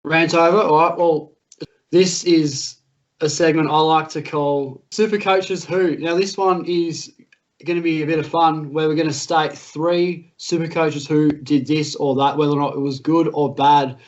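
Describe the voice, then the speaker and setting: A man's voice: a little high, little pitch movement, measured pace, lo-fi sound. An Australian man co-hosting a casual sports podcast, chatty and matey. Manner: chatty, says mate often. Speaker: podcast co-host.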